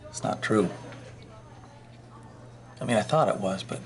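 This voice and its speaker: An actor playing an anxious young office worker in a 1990s game, talking in a shaken, halting way. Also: male voice, fairly low pitch, gravelly, a little hiss or hum. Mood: haunted. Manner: shaken, halting, unsure of himself. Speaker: game character.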